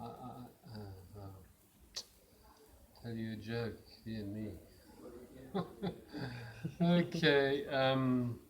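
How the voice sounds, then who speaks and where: A man's voice: mid-range voice, noisy background. A man professor telling a joke, hesitant and full of fillers. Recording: crowd chatter in background.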